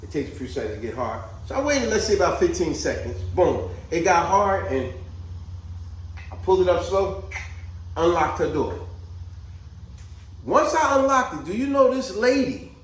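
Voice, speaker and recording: A man's voice: high voice, moderate pace, long pauses. A middle-aged man telling a story casually, acting out the people in it. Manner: animated, acts out voices of people in his stories. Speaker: vlogger telling stories. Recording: echoey room.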